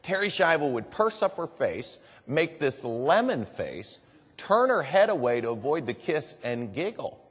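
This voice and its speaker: A man's voice: on the high side, very animated, measured pace, a bit bright, husky. A man telling a story in earnest to a live audience. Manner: earnest storytelling, repeats "and boy". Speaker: public speaker. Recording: long hall reverb.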